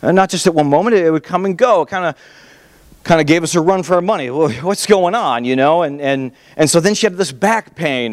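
A pastor in his thirties tells a sermon story with animated, self-mocking energy. His voice sits a little high for a man. The sound carries the long reverb of a large church hall.

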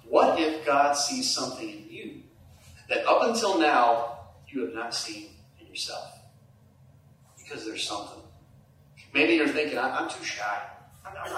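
A middle-aged man preaching a sermon, animated, climbing to high emphatic peaks and dropping to hushed asides. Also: a little hiss or hum. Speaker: pastor. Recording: echoey hall, distant mic.

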